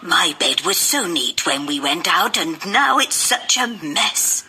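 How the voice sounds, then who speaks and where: A man voicing a prim, indignant mother bear in a high falsetto for a storybook cartoon. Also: big pitch swings, slow, noisy background, heavily acted.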